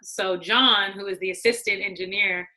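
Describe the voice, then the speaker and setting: A woman with a bright, crisp voice tells a story in an easy, chatty way. She slips into other people's voices as she quotes them and laughs now and then. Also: medium pitch, normal speed, rough recording. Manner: animated, acts out quotes, laughs often. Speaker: guest, former studio executive. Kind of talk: casual storytelling.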